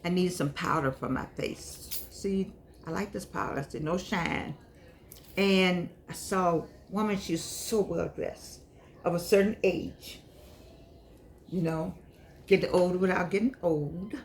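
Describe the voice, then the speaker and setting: A woman's voice: fairly low pitch, unhurried, slight background noise. An older woman talking casually to her viewers, chatty and scolding, who repeats herself and speaks slightly unclearly because she is missing teeth. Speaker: vlogger and author. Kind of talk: casual monologue to camera.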